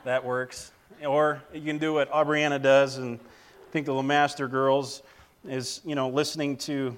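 A man's voice: medium pitch, little pitch movement, moderate pace, smooth. A man preaching a plainspoken, straight-to-the-point sermon, with frequent fillers and restarts. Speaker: lay preacher.

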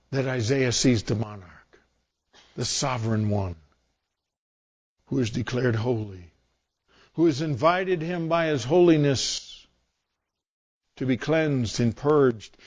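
A man's voice: medium pitch, takes it slowly, pauses often, darkish tone. A man preaching a sermon in a storytelling way, acting out scenes with different voices.

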